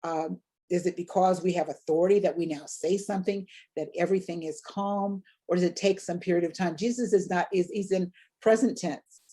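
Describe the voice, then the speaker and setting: A woman's voice: on the low side, steady tone, fairly quick, dark tone, slightly rough. A woman leading a preaching workshop, teaching sermon delivery in a reflective way and posing rhetorical questions.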